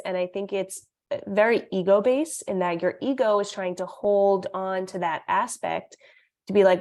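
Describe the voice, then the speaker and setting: A woman joins a casual podcast conversation as a guest. Her voice is mid-pitched, and she explains her ideas in a thoughtful, measured way. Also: darkish tone.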